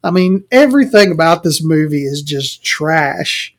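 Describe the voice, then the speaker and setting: A man with a fairly high voice rants about a film, rambling and sarcastic. He swears freely and breaks into laughter at his own jabs, like a casual home vlog review. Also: expressive, measured pace. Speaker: movie reviewer. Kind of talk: rambling movie rant. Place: home recording, eating and drinking.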